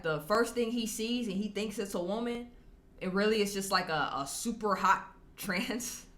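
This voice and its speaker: A woman talking casually to camera as a vlogger answering viewer comments, chatty and candid, often laughing as she talks. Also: medium pitch. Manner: animated, acts out quoted people in shifting voices.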